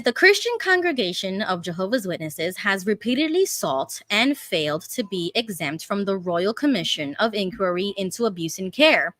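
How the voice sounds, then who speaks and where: A woman's voice: medium pitch, bright, forceful tone, no echo. A Canadian woman co-hosting a casual online news chat, reading a news article aloud carefully. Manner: reads carefully, admits she talks fast. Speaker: co-host.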